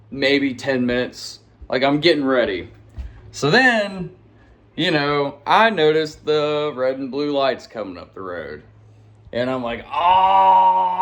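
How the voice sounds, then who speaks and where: A man's voice: medium pitch, lively intonation, slow, fairly bright tone. A man telling a long story to camera in a casual, rambling, slangy way, with chuckles between lines. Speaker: channel host and storyteller. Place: at home with pets nearby.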